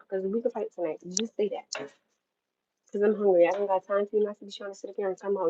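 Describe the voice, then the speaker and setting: A woman's voice: mid-range voice, fairly even intonation, fast, darkish tone, muffled recording. A woman from New York chatting casually to her livestream viewers while cooking at home, rambling and talking straight to them. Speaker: livestream host.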